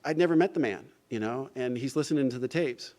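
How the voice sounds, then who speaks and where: A middle-aged man from New Jersey speaks at a recovery meeting, recounting his story and slipping into the voices of the people in it. His pitch sits in an ordinary middle range, and he keeps dropping "you know" between sentences. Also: fast, a little mellow. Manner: storytelling, acts out dialogue; frequent "you know" asides. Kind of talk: personal recovery talk. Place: event hall.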